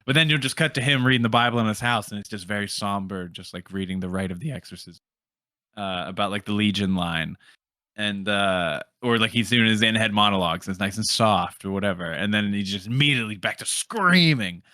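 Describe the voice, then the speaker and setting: A man co-hosting a film podcast, talking casually in a halting way, often searching for words. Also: lowish voice, steady tone, sharp tone, no room sound, studio quality. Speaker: podcast co-host.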